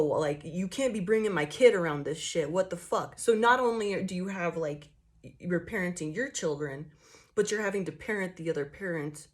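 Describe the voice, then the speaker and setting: A young woman giving a casual tarot reading, blunt and profane, ranting with lots of fillers, jittery from coffee. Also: sits low. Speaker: tarot reader.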